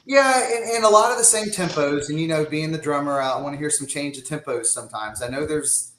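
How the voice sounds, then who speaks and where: A man's voice: fairly high pitch, a little fast, a bit bright, roomy sound, rough recording. A man in his fifties with a Southern US accent, a guest drummer chatting casually in a rambling way and laughing often. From Georgia, US. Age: 50s. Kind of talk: casual chat.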